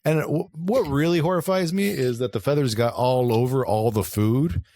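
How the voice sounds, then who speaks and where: A man's voice: mid-range voice, moderate pace, mellow, no echo, studio quality. A man co-hosting a podcast, recapping a horror film in casual chat, swearing freely and laughing often. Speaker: podcast co-host. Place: moved to Southern California.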